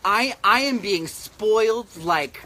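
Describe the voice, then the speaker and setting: A man's voice: sits high, lively intonation, slow, sharp tone. A man, a drag queen hosting a casual chat on a back deck, talking in a sassy, campy and profane way into a handheld camera. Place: outdoor back deck in humid rainy weather.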